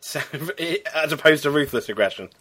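A man co-hosting a podcast in casual chat. He rambles through long runs with animated bursts, and his voice sits a little high. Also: moderate pace. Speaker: podcast co-host.

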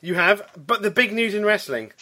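A man's voice: high voice, lively intonation, moderate pace, bright, forceful tone. A man co-hosting a wrestling podcast, talking in long rambling runs in casual chat. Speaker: podcast co-host.

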